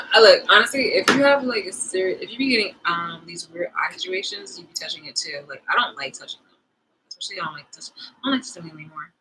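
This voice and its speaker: Low-voiced woman rambling to her viewers. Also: expressive, fast, background noise. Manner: rambling, frank, swears freely. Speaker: vlogger. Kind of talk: casual chat to viewers.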